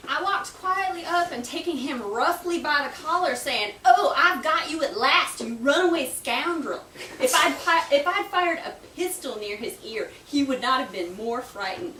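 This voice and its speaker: Woman playing a boastful old-time Southern gentleman, put-on Southern drawl, higher voice, boomy room, far mic, noisy. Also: animated, normal speed, hardly any pauses, reverberant.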